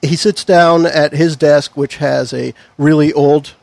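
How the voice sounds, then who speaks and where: A man's voice: a little high, fairly even intonation, unhurried, vocal fry, darkish tone, dry recording. A man narrating as game master of a tabletop game, loose and rambling, laughing easily.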